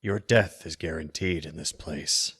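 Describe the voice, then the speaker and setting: A man voicing a cruel, frail old sorcerer in a storybook reading, speaking raspy, slow and cold with a hissing edge. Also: very deep voice, a bit bright, dry recording, clean studio sound, voice pushed down, full character voice. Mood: menacing. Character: cruel menacing old male sorcerer, frail yet powerful.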